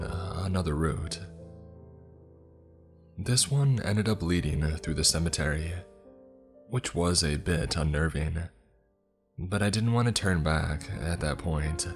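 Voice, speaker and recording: A man narrating a first-person horror story in a slow, measured, even storytelling manner. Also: deep voice.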